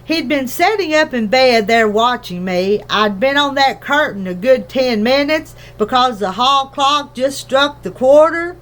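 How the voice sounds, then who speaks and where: A small, careful father explains himself in rambling, homely country speech, as a woman reads him out. He talks slowly, turning things over as he goes. A storybook figure with plain manners. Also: high voice, expressive, fairly bright tone. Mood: earnest. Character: small careful father, tiny borrower man. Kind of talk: storybook reading.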